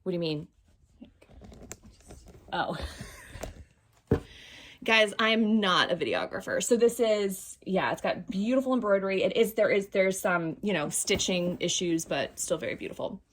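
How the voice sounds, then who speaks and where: A woman's voice: medium pitch, lively intonation, moderate pace, long pauses, a little hiss or hum. Rambling, chatty woman filming on a phone. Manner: rambling, lots of fillers and self-corrections, laughs easily. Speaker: vintage shop host showing items. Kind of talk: casual chatty storytelling vlog. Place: vintage clothing storeroom, indoors. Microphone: phone held by a helper.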